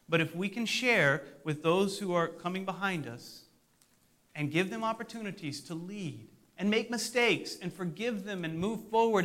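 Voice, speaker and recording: A middle-aged male pastor preaches conversationally, with self-deprecating humor. His voice is on the high side with a fairly bright tone.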